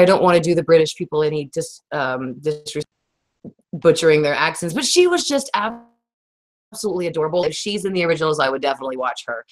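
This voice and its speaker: Raspy-voiced woman livestreamer, low. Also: lively intonation, fast talker. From Texas. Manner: rambling, laughs often, reads viewer comments. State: raspy today. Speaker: livestream host. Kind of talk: casual livestream chat.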